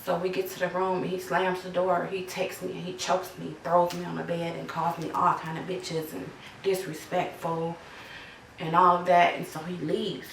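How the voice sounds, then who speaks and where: Raspy-voiced woman telling her story. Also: fairly low pitch, little pitch movement, moderate pace, echoey room, far from the mic, a little hiss or hum, rough recording. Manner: conversational, with frequent fillers and quoted dialogue. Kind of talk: personal testimony.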